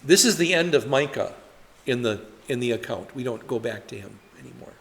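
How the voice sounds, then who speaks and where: A man's voice: mid-range voice, expressive, brisk, a bit bright, long reverb tail. A male pastor leading a conversational Bible study, talking in a chatty way with many fillers and rhetorical questions.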